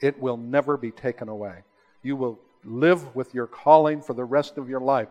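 A man preaching a sermon, rising to emphatic high peaks and then dropping to slow, hushed, low lines. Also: steady tone, dull audio. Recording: long hall reverb.

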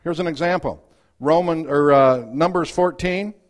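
At a moderate pace, a high-voiced man preaches a sermon, reading scripture aloud and acting out the voices within it. He moves from loud, rising outbursts down to quiet, hushed asides.

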